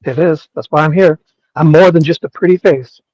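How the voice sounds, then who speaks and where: A man's voice: on the high side, a little fast, a little mellow, dry recording, lo-fi sound. Dry, close-miked man co-hosting a chat. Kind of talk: casual chat.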